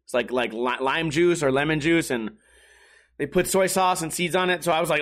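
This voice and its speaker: A young man is livestreaming, rambling casually to his viewers in a slightly high, fairly quick, somewhat bright voice. He swears a lot and laughs at his own jokes.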